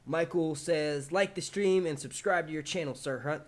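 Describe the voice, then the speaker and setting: A man's voice: a little high, animated, moderate pace. A young man hosting a casual live stream, swearing and laughing a lot as he reads out viewer comments. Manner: loose, profane and jokey, laughing often. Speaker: YouTube show host. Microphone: desk microphone.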